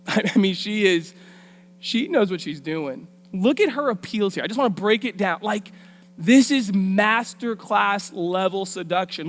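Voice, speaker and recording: A woman guest preacher telling a Bible story in a lively, colloquial, street-smart way during a sermon. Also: medium pitch. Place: church.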